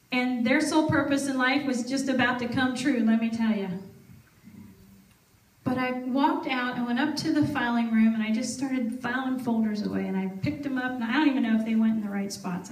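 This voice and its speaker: A woman telling a personal faith story at a church service, acting out the dialogue as she goes. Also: high-pitched. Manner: storytelling, acts out her own past dialogue. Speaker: gospel singer and speaker. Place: fairground event, outdoors. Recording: echoey from far off.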